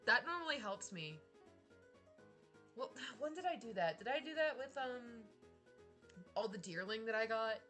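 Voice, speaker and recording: A young woman streaming, chatting casually in an excitable, rambling way with lots of laughter. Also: fairly high pitch, a little slow, pauses often, soft background music. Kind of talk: casual live-stream chat.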